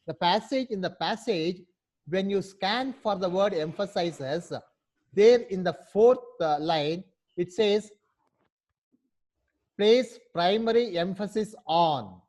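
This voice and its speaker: A man's voice: high-pitched, measured pace, darkish tone. A man, teaching a class. He explains patiently and step by step. He keeps checking in with his students by asking "right?". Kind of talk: online class instruction.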